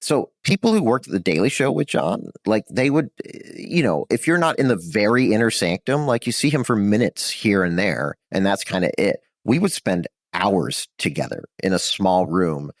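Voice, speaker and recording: A man with a fairly low voice talks casually as a podcast guest. He rambles and restarts, piling on fillers as he goes. The recording is close and dry, with no room sound. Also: expressive, moderate pace, few pauses, no echo. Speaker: podcast guest, comedy writer. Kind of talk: casual chat.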